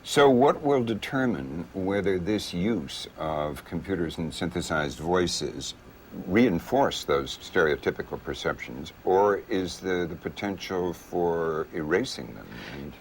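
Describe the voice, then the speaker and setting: A man's voice: low-pitched, animated, unhurried, slight background noise. A male interviewer asking thoughtful, probing questions.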